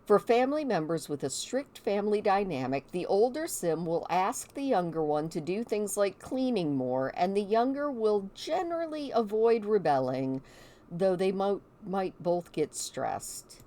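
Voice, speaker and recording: A woman's voice: medium pitch, very animated, measured pace, dark tone. A woman giving casual let's-play commentary as she plays a life-simulation game, chatty and curious, often amused. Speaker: gaming video host.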